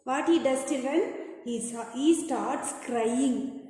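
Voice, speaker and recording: A woman's voice: high voice, slow, mellow, a little hiss or hum. A woman teaching a grade-one class, patiently repeating questions and prompting the children to answer. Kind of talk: classroom lesson for young children. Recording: very echoey room with long reverb.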